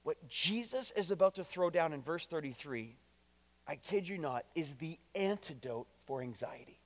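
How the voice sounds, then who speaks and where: A man's voice: on the high side, animated, normal speed, no room sound, big-room sound. A man preaching a sermon to his congregation, emphatic, repeating key phrases and putting direct questions to his listeners. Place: church.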